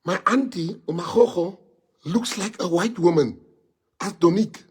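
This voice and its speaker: A South African man whose first language is Afrikaans speaks in a slightly raised, husky voice. He addresses party members in an impassioned livestream, rambling from point to point and stacking up rhetorical questions. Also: high-pitched, normal speed.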